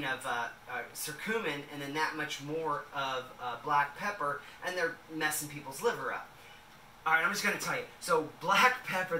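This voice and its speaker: In a casual home kitchen vlog, a man with a fairly high voice makes a salad while talking in a loose, rambling way packed with fillers. The room is echoey, he sounds a bit distant, and there's noise in the background.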